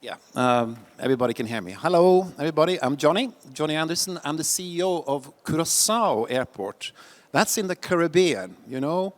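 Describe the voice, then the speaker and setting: A man introducing himself on a conference panel as an airport chief executive, relaxed and friendly. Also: on the high side, a little fast.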